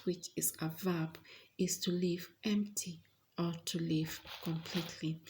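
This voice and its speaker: Slow, measured woman teaching pronunciation. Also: lowish voice, steady tone, darkish tone. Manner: deliberate, measured, with frequent uh fillers. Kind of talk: slow explanatory lesson.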